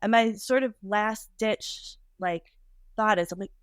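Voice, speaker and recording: A woman in her thirties recounts a painful memory as a podcast guest, her voice pitched in a middling range. She talks in a halting, emotional way, circling back and restarting her sentences. The sound is dry and close, with no room around it. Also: clean tone, no room sound. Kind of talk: personal storytelling interview.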